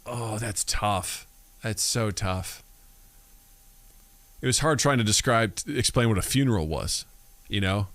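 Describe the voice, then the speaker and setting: Animated man telling family stories. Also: on the low side, a little slow, long pauses, no room sound. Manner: animated storyteller acting out family dialogue. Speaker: podcast co-host. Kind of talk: casual chat.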